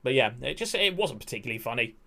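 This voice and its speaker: A man in his twenties, rambling and excitable while commentating a football management game he is streaming, swearing now and then. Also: medium pitch, rapid-fire, creaky. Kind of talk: casual gaming commentary.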